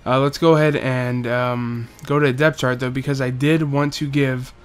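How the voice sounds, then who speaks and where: A man's voice: medium pitch, fairly even intonation, moderate pace, clear, resonant tone. A young man giving casual, joking commentary over a football video game, rambling through stats and doing mock play-by-play. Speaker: gaming YouTuber.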